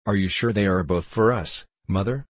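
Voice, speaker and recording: A man reading the lines of a small poor girl in a storybook, asking soft, wondering questions. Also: low voice, normal speed, no room sound. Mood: amazed.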